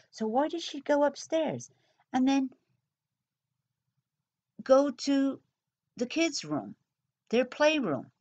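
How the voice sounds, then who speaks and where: A woman's voice: fairly high pitch, a little mellow, highs cut off. A woman giving casual recorded commentary on a true crime case, chatty and repetitive, speculating aloud with asides.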